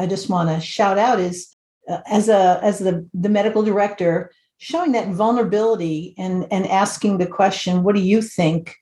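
Measured woman in an echoey room. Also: medium pitch, dark tone. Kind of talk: panel discussion comments.

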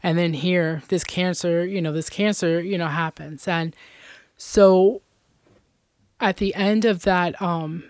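A woman's voice: fairly low pitch, steady tone, slow pace, a little mellow, no echo, studio quality. Earnest woman telling her life story. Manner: earnest, many fillers like "you know" and "um". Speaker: interview guest. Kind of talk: personal testimony in an interview.

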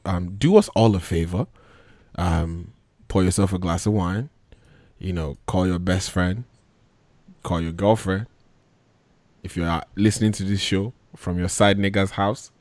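A man's voice: sits low, a little mellow, no echo. A man hosting a casual podcast, playful and teasing, hyping up his listeners. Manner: playful, teasing, hype intro calls. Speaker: podcast host.

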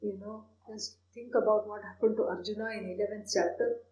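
A woman, a spiritual teacher, explaining a Sanskrit prayer with animated storytelling and soft laughs. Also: mid-range voice, fairly quick, roomy sound, muffled recording.

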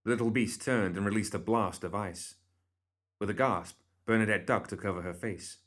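A man reading a story aloud as audiobook narrator, in a steady, measured way. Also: on the low side.

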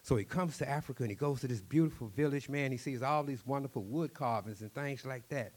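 An interview storyteller with a Cajun accent talks in a mid-range voice, animated and fast-paced, frequently doubling back on the same words.

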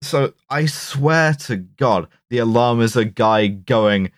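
A man's voice: medium pitch, slow pace, no echo, clean studio sound. A man casually recapping a film on a podcast, rambling and swearing, acting out lines. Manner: profane, rambling, animated recap with quoted voices. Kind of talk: casual chat.

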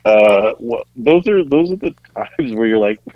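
A man's voice: medium pitch, lively intonation, a little slow, dry recording, lo-fi sound. A man in his thirties telling rambling stories on a podcast, laughing as he talks. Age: 30s. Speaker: podcast guest. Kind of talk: casual storytelling.

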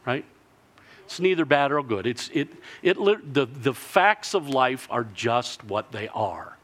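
A man preaching a sermon, telling a story with lively delivery and answered by the congregation. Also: mid-range voice, a little slow. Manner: lively storytelling, acting out villagers in character.

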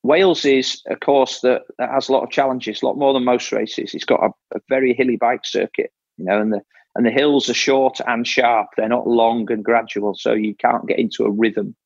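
A man's voice: mid-range voice, fairly even intonation, normal speed, creaky, breathy edge, dry recording, dull audio. A man coaching an athlete in casual talk, explaining step by step and often restarting his phrases. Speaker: triathlon coach.

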